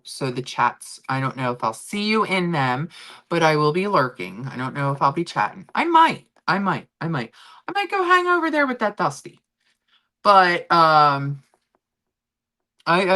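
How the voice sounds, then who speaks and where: A woman's voice: low voice, normal speed. A middle-aged woman hosting a casual livestream chat with viewers, rambling and talking freely. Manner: chatty, animated, rambling with restarts. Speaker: livestream host.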